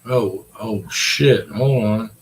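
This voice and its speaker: A man's voice: fairly low pitch, drawn-out words, a little hiss or hum. A man in his forties rambling in a casual, profane chat and talking to his dog. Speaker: vlogger.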